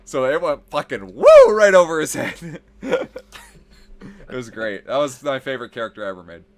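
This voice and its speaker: Young male podcast host, relaxed storyteller, casual swearing, ordinary pitch. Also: normal speed. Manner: laid-back, swears casually. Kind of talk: casual gaming podcast chat.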